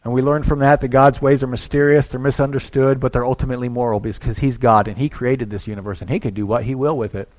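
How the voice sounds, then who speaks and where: A man preaching a sermon in a church, talking conversationally and acting out little asides as he swings between quiet and loud. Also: medium pitch, steady tone, fast, few pauses. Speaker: pastor.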